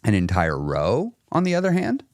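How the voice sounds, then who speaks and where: A man coaching a viewer bluntly, challenging her with rapid-fire questions and frank examples. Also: lowish voice, wildly swooping pitch, no room sound, clean studio sound. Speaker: weight-loss coach. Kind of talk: direct coaching talk to a viewer.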